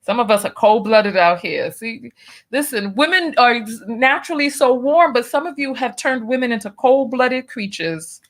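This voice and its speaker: This is a woman with a somewhat high voice hosting a casual talk show, chatting on her own about the news of the day. She talks wryly and throws rhetorical questions at her viewers, then reads out and thanks them for their donations. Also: animated, moderate pace. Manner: talkative, wry, rhetorical questions. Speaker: show host. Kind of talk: casual commentary and reading donations.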